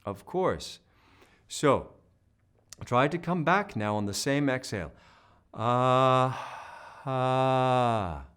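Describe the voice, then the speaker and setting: A man's voice: medium pitch, sing-song, takes it slowly, pauses often, a bit bright. Male voice teacher demonstrating sung notes. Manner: encouraging, demonstrates vocal sounds and sung notes. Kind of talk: singing lesson instruction.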